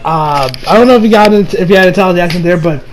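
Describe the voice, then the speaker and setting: A man's voice: high voice, rapid-fire, noisy background. A man giving a casual episode review, rambling with frequent laughs and restarts. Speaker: anime reviewer.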